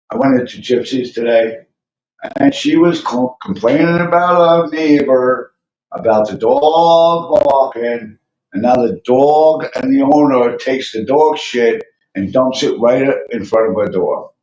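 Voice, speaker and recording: A man's voice: fairly low pitch, a little mellow, slight background noise. A man hosting a casual livestream, venting in a rambling rant full of profanity and fillers. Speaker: livestream host. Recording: roomy, distant, muffled lo-fi sound.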